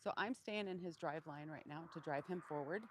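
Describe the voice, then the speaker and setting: Woman trainer, lowish voice, calm and monotone, outdoor pen, faint noise. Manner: calm, low-key, deliberately monotone. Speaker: donkey trainer. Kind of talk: live training demonstration.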